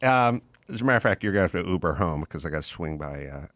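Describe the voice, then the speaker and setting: A middle-aged man hosting a casual chat, an animated storyteller who loudly imitates other people. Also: low voice, fast talker, no room sound, studio quality. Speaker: podcast host.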